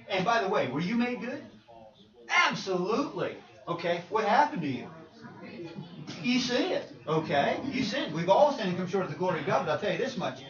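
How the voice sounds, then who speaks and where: An animated male preacher with a lively, swooping voice and a slightly high pitch. He talks with the class, tosses questions out and laughs as he goes. The sound is roomy and muffled, picked up from a distance in a church hall. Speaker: preacher leading a Bible class. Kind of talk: interactive Bible class teaching.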